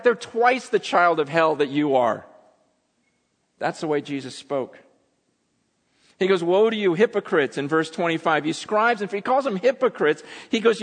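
A man preaching a sermon, acting out quotes with dramatic swings between loud and hushed delivery. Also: high-pitched. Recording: long hall reverb.

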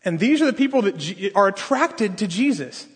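A man's voice: high-pitched, big pitch swings, moderate pace, slightly rough. A male pastor preaching a conversational sermon in a large hall, talking casually and asking the audience questions. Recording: long hall reverb.

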